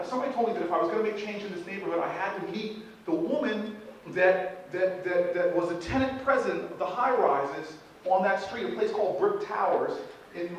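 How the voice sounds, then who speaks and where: A man in his forties giving an animated motivational speech, joking with the audience, recorded from far off in a large event hall. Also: high voice, slight background noise. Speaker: keynote speaker at a leadership event.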